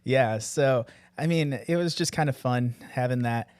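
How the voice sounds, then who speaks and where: A man's voice: mid-range voice, unhurried, smooth, dry recording. An American man casually telling about a church mission trip, with many fillers and restarts. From United States. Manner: relaxed storytelling, many fillers. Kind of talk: casual conversation.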